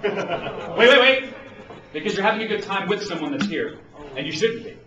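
A man's voice: sits high, quick pace. A man performing as a bard at a tavern, trading jokey banter with the crowd and singing a drinking song, often laughing. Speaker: bard and singer-songwriter. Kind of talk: live folk performance, joking banter and singing. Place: indoor tavern at a festival event. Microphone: handheld camcorder from the audience. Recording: distant, echoey, dull lo-fi camcorder sound. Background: loud instrument accompaniment.

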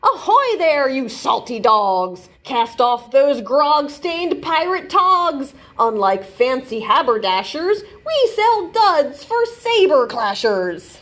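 A woman librarian reads a rhyming picture book aloud for children's bedtime storytime, taking her time with each line. Her fairly high voice swoops widely up and down in an animated, sing-song way. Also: slow, hardly any pauses.

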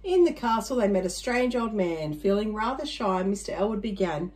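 A woman reads a rhyming picture book aloud to young listeners in a bouncy, rhythmic way. Her voice sits at a middle pitch, and she breaks off now and then for friendly little asides. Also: lively intonation, moderate pace, few pauses, a little mellow. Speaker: storyteller reading to children.

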